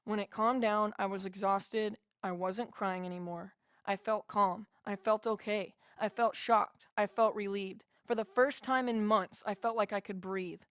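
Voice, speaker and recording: A woman's voice: mid-range voice, steady tone, measured pace, a bit bright, no echo, clean studio sound. A woman narrating a first-person memoir as an audiobook, in an earnest, heartfelt way.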